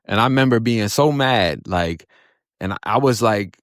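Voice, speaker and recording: A man from Florida with a very low voice tells his story in blunt, profane, streetwise talk. The sound is dry and close, with no room around it. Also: expressive, normal speed, dry recording. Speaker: storyteller recounting his own past. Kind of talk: casual spoken storytelling.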